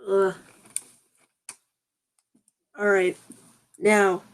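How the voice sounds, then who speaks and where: Giggly woman reading aloud slowly. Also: mid-range voice, little pitch movement, smooth. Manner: giggly, breaks into laughter while reading; puzzled, stumbling over awkward text. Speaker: video host reading fan fiction and comments aloud. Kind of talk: casual comic read-aloud.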